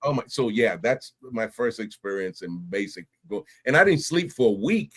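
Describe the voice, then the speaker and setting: A middle-aged man from New York, a podcast guest telling his stories in casual, animated talk, often laughing and acting out voices. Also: medium pitch, moderate pace, husky. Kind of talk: casual interview storytelling.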